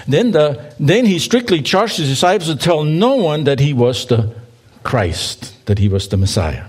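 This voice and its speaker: A man's voice: on the high side, big pitch swings, normal speed, darkish tone, husky. Man preaching a casual, playful sermon. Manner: reads scripture aloud and asks the congregation to join in; conversational, playful asides to the audience. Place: church.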